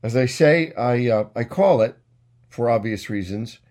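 A middle-aged man delivers a solo podcast monologue at a slow, deliberate pace. He speaks with a mock-grand flourish and a self-mocking wink, often circling back and restarting his thoughts. His pitch sits in an ordinary male middle range. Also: lively intonation, a little mellow. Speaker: podcast host, former political consultant. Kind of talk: casual monologue.

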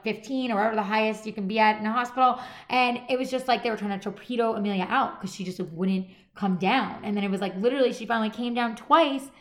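Fast-talking chatty woman podcast host. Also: a little high. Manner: chatty and animated, acts out quoted people. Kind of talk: casual chat.

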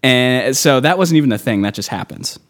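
A man's voice: medium pitch, lively intonation, normal speed. A man chatting casually, retelling annoying customer requests from his barista job with exasperation and acted-out dialogue. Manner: exasperated storytelling, acting out customers. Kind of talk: casual chat.

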